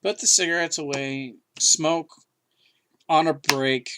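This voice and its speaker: A man co-hosting a casual podcast, with a slightly raised pitch for a man. He talks emphatically and rambles, restarting his sentences as he goes. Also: moderate pace, fairly bright tone, a little hiss or hum. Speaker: podcast co-host. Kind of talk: casual chat.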